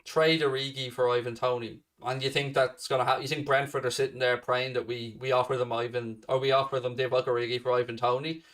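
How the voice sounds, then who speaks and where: A man's voice: mid-range voice, flat delivery, quick pace, few pauses, a bit bright, distant mic. A man hosting a fan channel, answering viewer questions in a blunt, sweary, casual chat.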